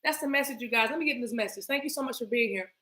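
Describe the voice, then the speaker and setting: A woman giving a casual spiritual reading to her viewers, animated and playful, laughing and breaking into bursts of speaking in tongues. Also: a little high, racing. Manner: playful, laughs often, talks to viewers as y'all. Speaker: spiritual reader.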